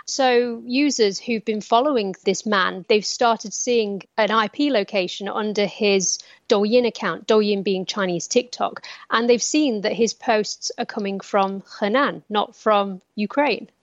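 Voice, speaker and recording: A female media analyst explaining a news story in a clear, explanatory way. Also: medium pitch, measured pace, few pauses, no room sound, highs cut off.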